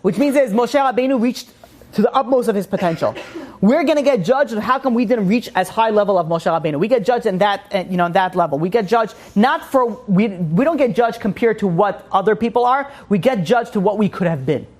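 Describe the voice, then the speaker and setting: A man giving an informal religious class, rambling with many restarts and animated asides. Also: sits high, brisk. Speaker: Torah teacher.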